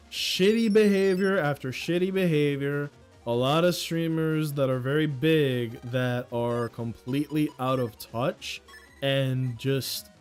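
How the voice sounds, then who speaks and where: A young man from New York ranting casually on a livestream in a slangy, animated way. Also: fairly high pitch. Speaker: streamer.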